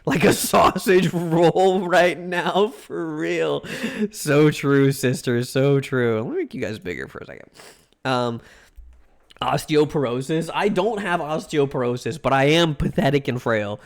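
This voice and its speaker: A man's voice: a little high, measured pace, creaky. A young man chatting casually with viewers on a livestream, rambling, laughing often and stammering through repeated words.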